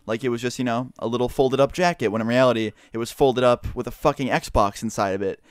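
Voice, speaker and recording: A man's voice: medium pitch, fairly even intonation, clear, resonant tone, dry recording, studio quality. A young man rambling through a casual storytime, swearing often. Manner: fast, rambling, swears a lot.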